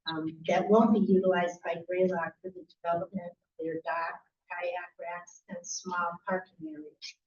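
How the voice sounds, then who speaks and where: A woman resident reading a prepared public comment at a town meeting, measured and reading from notes. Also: on the low side, darkish tone, distant mic, dull audio, a little hiss or hum. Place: school cafeteria.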